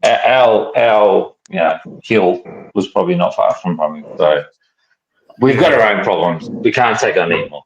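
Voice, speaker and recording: Aussie guy, lowish voice, calm and reasoned in a chat. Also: moderate pace, slightly rough, highs cut off. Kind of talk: casual chat.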